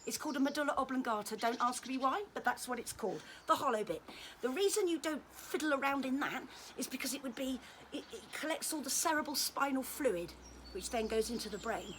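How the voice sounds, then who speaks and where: A woman giving a friendly, chatty massage demonstration lesson, gentle in tone and joking now and then. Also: sits high, lively intonation, fairly quick, a little hiss or hum. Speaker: children's touch therapist demonstrating massage. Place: indoors at home during lockdown.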